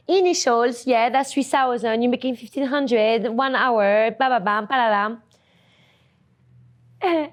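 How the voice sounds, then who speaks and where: Frank French-accented woman telling a story. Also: a little high. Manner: frank and profane, laughs often, drops to hushed asides. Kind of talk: candid personal storytelling.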